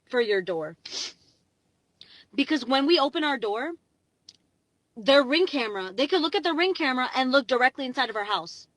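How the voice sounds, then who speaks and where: A young woman telling a storytime vlog into her phone from her parked car, rambling and excitable, packing her talk with "like". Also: high voice, moderate pace, pauses often, no echo, low-quality recording. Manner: chatty, rambling, heavy "like" fillers, excitable. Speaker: vlogger.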